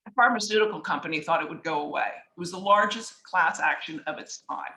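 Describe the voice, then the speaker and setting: A woman's voice: on the low side, brisk, sharp tone, reverberant, poor audio. A woman speaking as an author and investor guest, telling anecdotes in a casual, chatty way, acting out dialogue and using many filler words. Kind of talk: casual storytelling talk.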